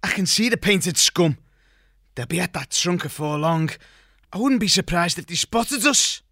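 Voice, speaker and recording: A man's voice: high voice, animated, normal speed, bright, forceful tone, dry recording, studio quality, pitched above the performer's own voice, exaggerated voice. A man voicing a keen-eyed male shrew spotter who reports in a wary, blunt manner.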